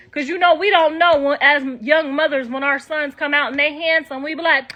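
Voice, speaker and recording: Older lady going off at her viewers, cussing a lot, high bright voice. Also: moderate pace. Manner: profane, brash, talks straight to viewers. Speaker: online commentator. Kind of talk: casual rant to viewers.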